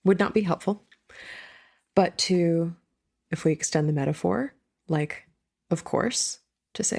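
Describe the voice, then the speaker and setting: A woman with a lowish, gravelly voice talks with a guest's easy candor. She sounds earnest and reflective and breaks into laughter easily. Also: animated, moderate pace, pauses often. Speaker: podcast guest, author. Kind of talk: casual conversation.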